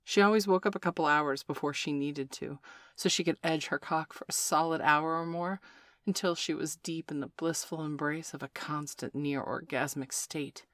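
An audiobook narrator reading a story chapter in a steady, even manner. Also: mid-range voice, moderate pace, no room sound. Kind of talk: scripted narration of an adult story.

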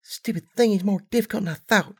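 Squeaky lil filly pony, blunt and earnest, talks folksy. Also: male voice, normal speed. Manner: high girlish voice, folksy slang.

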